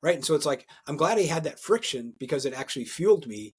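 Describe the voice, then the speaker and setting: A husky man with a fairly high voice, explaining leadership ideas in a lively podcast chat. He talks with emphatic energy, keeps checking in with "right?", and trips over repeated words when excited. His tone is slightly raspy throughout. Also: fast talker. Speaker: executive coach and guest. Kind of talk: conversational podcast interview.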